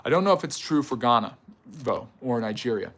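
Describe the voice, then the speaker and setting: A man with an animated, slightly bright mid-range voice hosts a livestream history lecture. He answers chat questions conversationally, using fillers and firing back quick rebuttals.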